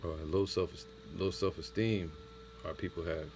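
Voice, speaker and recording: A man with a very deep voice leads an impromptu scripture lesson. He reads the verses slowly and deliberately, then breaks into loose, slangy commentary. A faint hiss sits under the recording. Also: fairly even intonation, darkish tone. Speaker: teacher of a religious camp.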